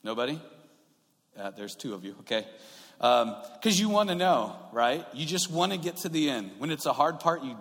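A man's voice: a little high, animated, moderate pace, a bit bright. A man preaching a sermon in a conversational way, growing emphatic and often restarting his sentences. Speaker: pastor. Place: church sanctuary. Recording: long hall reverb.

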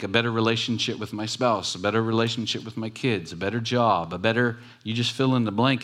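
A man's voice: mid-range voice, brisk, few pauses, fairly bright tone. A man who is a pastor, preaching a sermon in a conversational, emphatic way and repeating key phrases for weight. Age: adult with children.

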